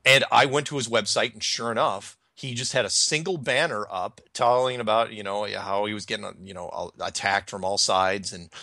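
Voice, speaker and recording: A man hosting a podcast chats casually and rambles, halting and restarting his sentences. His voice sits slightly low with a bright, forward edge. The recording is close and dry. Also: no echo. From Washington state, United States. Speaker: podcast host.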